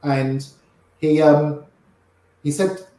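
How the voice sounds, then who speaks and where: An older man with a fairly high, mellow voice talks extremely slowly as a guest storyteller, casually spinning anecdotes. He's chatty and acts out the voices of the people in his tales. The room is very echoey.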